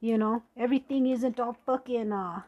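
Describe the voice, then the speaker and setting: A woman's voice: fairly high pitch, fairly even intonation, normal speed, dull audio. A woman hosting a podcast, ranting angrily and profanely in a confrontational personal monologue. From Native American. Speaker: podcast host.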